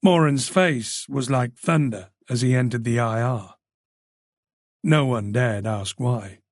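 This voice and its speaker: A man narrating a crime audiobook in a measured, even manner. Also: medium pitch, no room sound, clean studio sound. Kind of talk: scripted narration.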